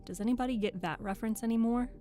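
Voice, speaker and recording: A woman's voice: fairly high pitch, very fast, dark tone, faint music behind. A young woman chatting and joking casually with her live-stream viewers at the microphone. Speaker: streamer and audiobook reader.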